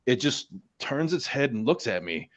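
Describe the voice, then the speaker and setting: A man's voice: medium pitch, big pitch swings, normal speed. A man in his forties, a military veteran, telling a war story in a casual, rambling way, swearing heavily and restarting his sentences often. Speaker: Marine veteran guest. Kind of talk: casual storytelling among friends.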